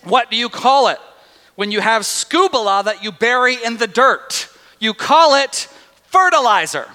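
A male pastor with a high, bright voice delivers an animated sermon. He swings from hushed asides to loud, excited bursts, and the long reverb of a hall trails every phrase. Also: measured pace.

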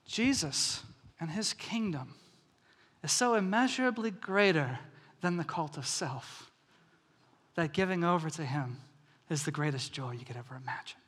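A man preaching a sermon as pastor, animated, moving from soft earnest passages to loud storytelling. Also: fairly high pitch, normal speed, slightly rough. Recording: reverberant hall.

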